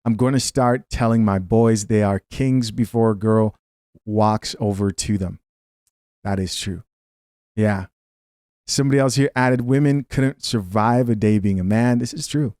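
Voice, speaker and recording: A man's voice: fairly low pitch, unhurried, darkish tone, dry recording. A man in a dry, close-sounding room delivers casual, opinionated commentary on a clip. He talks straight to his viewers and reads their comments aloud between his takes. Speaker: reaction video host. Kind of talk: casual commentary reacting to clips.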